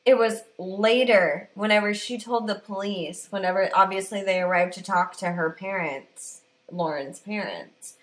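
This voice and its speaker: A woman's voice: mid-range voice, a little slow. A woman co-hosting a true-crime podcast, telling the story in casual chat, blunt and swearing freely.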